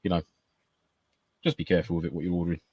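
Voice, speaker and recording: Fast-talking British man, low voice. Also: level tone, darkish tone, husky, no echo. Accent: British English. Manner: rapid, chatty, full of "you know" and repeats. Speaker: podcast co-host. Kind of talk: casual chat.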